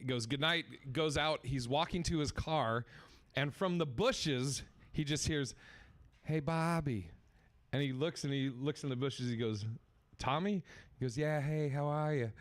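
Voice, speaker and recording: A comedian telling swearing, animated stories with acted-out quotes on a podcast. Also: male voice, medium pitch. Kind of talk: storytelling on a podcast.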